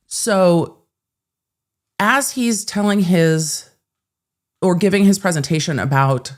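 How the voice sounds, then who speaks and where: A woman with a deep voice hosts a livestream, telling a personal story in a casual, chatty way. She's animated and pokes fun at herself, swearing now and then.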